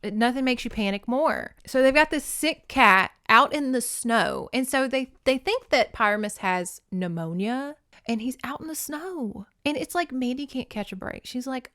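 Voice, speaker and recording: A woman hosting a podcast, reading a children's novel aloud and commenting in a casual, expressive way with swearing. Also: high-pitched, normal speed, no echo, clean studio sound. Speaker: podcast host.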